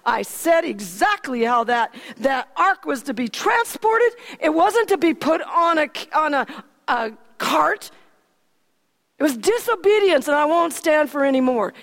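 A woman's voice: high voice, animated, a little slow, voice pushed up. A woman preacher voicing God as a stern, displeased male deity, in a reverberant hall. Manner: stern and firm.

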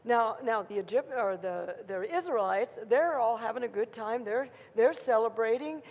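A woman preaching a sermon, telling a story in an animated way and acting out the voices of a frightened crowd. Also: a little high, moderate pace. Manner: animated, acts out crowd voices with rising intensity. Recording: muffled sound in a reverberant hall.

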